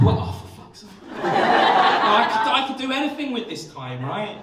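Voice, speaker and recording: A man's voice: extremely high pitch, sing-song, measured pace. A young man performing a live stand-up set, sweary and self-mocking, rambling with many restarts. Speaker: stand-up comedian. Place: comedy club stage. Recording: echoey club room, distant mic, audience noise.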